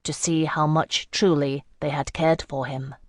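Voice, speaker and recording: An audiobook narrator reads a first-person fantasy story in a measured, even way. Her voice sits low for a woman, and the close recording is completely dry with no echo.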